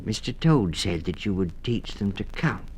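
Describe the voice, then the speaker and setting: A man voicing a small, gentle mother mouse who speaks softly and politely. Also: fairly low pitch, expressive, normal speed, slight background noise, natural voice. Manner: soft, polite.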